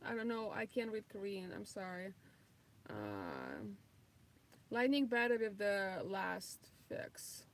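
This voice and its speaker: A woman's voice: medium pitch, huge pitch swings, slow. A woman in her thirties, not a native English speaker, casually reading and answering viewer comments on a livestream with lots of ums. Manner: reads viewer comments aloud, many ums. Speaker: livestream host.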